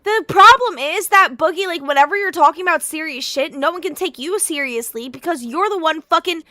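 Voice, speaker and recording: A woman with a high, bright, sharp voice hosts a livestream panel with brash, profane energy. She swings between shouting and calm talk, recorded dry and close. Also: a little fast, few pauses, no echo. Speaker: host running a livestream panel. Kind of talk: loud casual chat.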